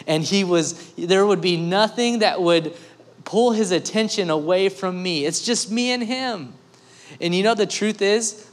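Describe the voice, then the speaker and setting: A man preaching a sermon with an animated storyteller's delivery. His voice sits a little high and he moves between playful jokes and earnest, coaxing questions to his listeners. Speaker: pastor.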